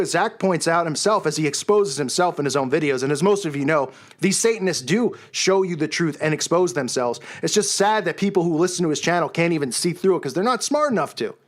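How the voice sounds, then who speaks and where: High-pitched man ranting angrily. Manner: yells and raises his voice, scornful. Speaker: channel host. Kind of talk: angry monologue rant.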